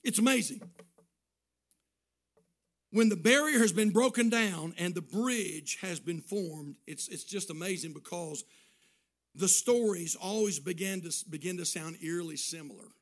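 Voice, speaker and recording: A man preaching a sermon as pastor, swinging between loud shouted bursts and quiet, hushed storytelling. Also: high voice, measured pace.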